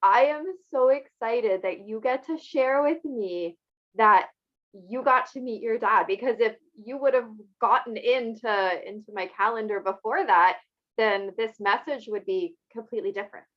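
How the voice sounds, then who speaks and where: A woman's voice: fairly high pitch, normal speed. Woman host chatting on a video call, lots of oh my goodness, kinda muffled sound. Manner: warmly reactive, exclamations and gasps. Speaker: interview host. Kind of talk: casual interview chat. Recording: slightly dull lo-fi sound.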